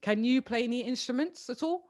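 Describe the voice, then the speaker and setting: A podcast host, relaxed and quick to laugh, with lots of short agreeing replies. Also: medium pitch, no echo, clean studio sound. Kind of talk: casual conversation.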